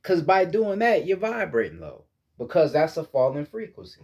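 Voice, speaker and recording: A man's voice: fairly high pitch, wildly swooping pitch, moderate pace, a little mellow, lo-fi sound. A young man giving a casual spoken lesson on meditation, blunt, profane and preachy, often repeating words as he searches for phrasing. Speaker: spiritual teacher.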